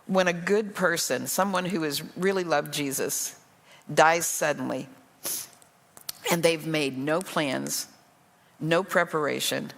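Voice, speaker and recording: A woman's voice: sits low, gravelly. An older woman pastor giving an earnest, emotional, conversational sermon to a women's group. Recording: long hall reverb.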